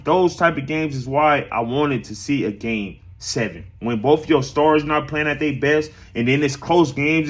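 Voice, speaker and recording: A man's voice: fairly high pitch, fairly bright tone. A man hosting a casual sports talk stream, chatting loosely with viewers, rambling and repeating his phrases.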